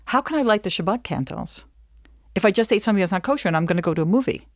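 A woman Jewish educator giving a lively lesson, acting out scenes as she tells stories. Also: medium pitch, very fast, no echo, clean studio sound. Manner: animated storyteller acting out scenes. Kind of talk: lively teaching talk.

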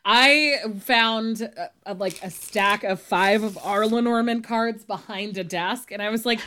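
A woman's voice: a little high, a little slow, hardly any pauses, pushed and bright, a little hiss or hum. Chatty giggly woman podcast co-host. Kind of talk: casual chat.

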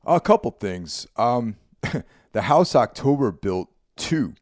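A man's voice: medium pitch, sing-song, takes it slowly, darkish tone, no echo, clean studio sound. A man co-hosting a podcast in laid-back, rambling casual chat, often checking in with his co-host. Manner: laid-back, rambling, leans on "you know what I mean".

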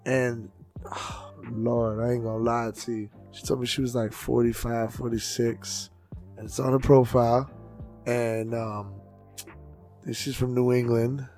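Podcast co-host, male, gravelly and profane, hypes up his stories with acted-out voices and faint music underneath. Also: mid-range voice, level tone, measured pace. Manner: loud, profane, acts out voices with big swings. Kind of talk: casual podcast storytelling.

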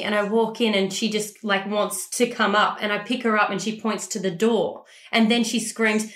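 A woman's voice: medium pitch, steady tone, moderate pace, hardly any pauses, fairly bright tone, reverberant. A woman, talking expressively and laughing often in a casual chat.

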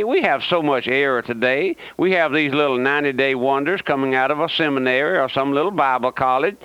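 A man's voice: a little high, clean tone, no room sound. Southern male radio preacher, emphatic and repetitive, dry close mic on a lo-fi broadcast. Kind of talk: radio sermon.

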